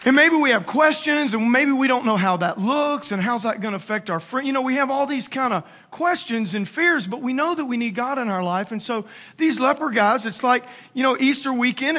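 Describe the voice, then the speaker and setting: A man preaching a casual, slangy sermon, retelling a Bible story with animated acted-out quotes. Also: very high voice, moderate pace, hardly any pauses, a faint crowd. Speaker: pastor.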